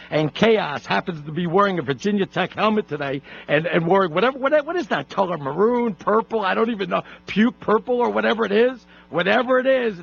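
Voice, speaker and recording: A man hosting a sports radio talk show, ranting in an exasperated, rapid-fire way. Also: sits high, creaky, breathy edge. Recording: lo-fi radio broadcast.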